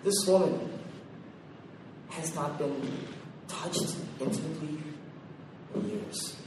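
A man preaching a sermon, swinging from loud emphasis to hushed quiet. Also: on the high side, animated, takes it slowly. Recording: very echoey, distant mic, faint noise.

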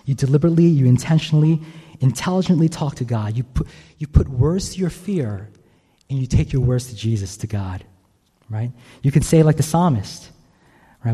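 A man's voice: mid-range voice, lively intonation, moderate pace, mellow, slightly rough. A male pastor preaching a sermon in a conversational way, often checking in with the listeners with "right?". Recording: long reverb in a large hall.

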